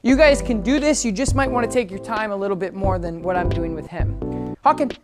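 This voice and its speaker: A woman's voice: mid-range voice, brisk. A woman dog trainer talking through a training demonstration in a casual, explanatory way. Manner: chatty and explanatory, with frequent restarts. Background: background music.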